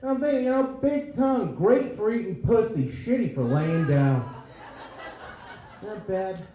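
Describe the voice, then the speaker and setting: A man with a high, mellow voice works a crude, self-deprecating stand-up set on a club stage. His handheld mic rings in a very echoey room, with faint audience sound behind him. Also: lively intonation, unhurried, dull audio, a little hiss or hum. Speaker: stand-up comedian. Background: audience laughter.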